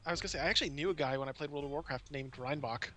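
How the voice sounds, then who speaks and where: A man's voice: fairly high pitch, racing, bright, forceful tone. A man co-hosting a let's play, joking around and tripping over his words. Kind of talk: casual chat over gameplay.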